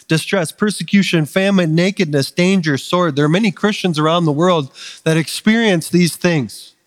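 A man's voice: on the high side, no room sound, big-room sound. A man preaching a sermon as pastor, earnest and conversational, building his points with emphatic rising lists. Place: church sanctuary.

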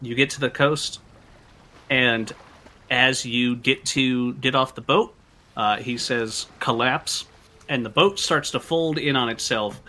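A man narrating a tabletop game as game master, in a relaxed way with frequent fillers. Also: medium pitch, unhurried.

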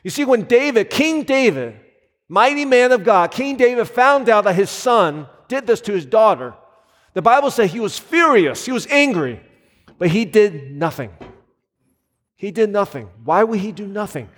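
A man's voice: sits high, sing-song, normal speed, fairly bright tone. A man in his thirties preaching a sermon as a pastor, earnest and conversational, with frequent fillers. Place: church sanctuary. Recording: long hall reverb.

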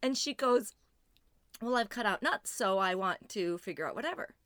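A middle-aged woman co-hosting a podcast, telling a funny story in an animated way and laughing often. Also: mid-range voice, normal speed, clean tone, no echo, clean studio sound. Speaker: podcast co-host. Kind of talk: casual storytelling chat.

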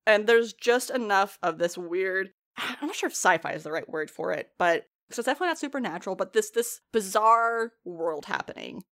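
A woman's voice: medium pitch, brisk, hardly any pauses. A young woman chatting casually, recapping a TV episode with lots of swearing and laughter. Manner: animated, swears freely, laughs often.

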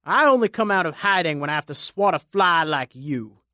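A man's voice: a little high, lively intonation, moderate pace, sharp tone, no echo, clean studio sound. A man voicing a determined young man who fights giants, speaking in a fierce growl. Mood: grim.

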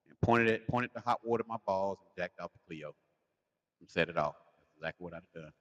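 A man's voice: low voice, fast talker, a bit bright, big-room sound, highs cut off. A man co-hosting a casual podcast, telling a story animatedly and defending his side with laughs. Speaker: co-host.

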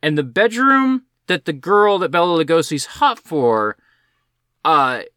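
A man co-hosting a podcast, chatting about an old film in a rambling, excited way, full of fillers. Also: a little high, a little slow, smooth, dry recording. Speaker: podcast co-host. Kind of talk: casual film discussion.

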